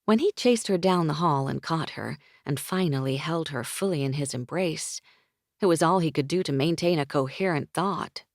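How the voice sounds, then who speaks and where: A woman narrating a romance audiobook in a smooth, intimate storytelling manner. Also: deep voice, normal speed, no room sound, studio quality.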